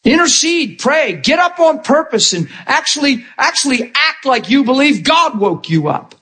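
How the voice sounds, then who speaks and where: High-voiced animated male pastor. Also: normal speed, poor audio. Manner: animated, acts out quoted voices. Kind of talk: lively sermon.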